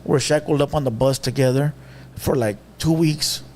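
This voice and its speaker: A man's voice: mid-range voice, moderate pace, slight background noise. A young man, casually telling a story on a podcast and mixing in Spanish slang. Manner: animated storyteller, mixes Spanish slang, acts out quotes.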